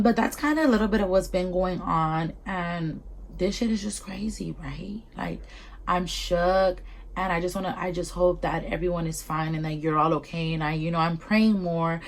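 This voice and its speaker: A young woman with a Southern California accent hosts a solo podcast in loose, casual chat. She talks bluntly and swears freely, in a voice that sits a little low for a woman. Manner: blunt, profane and unfiltered. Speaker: podcast host.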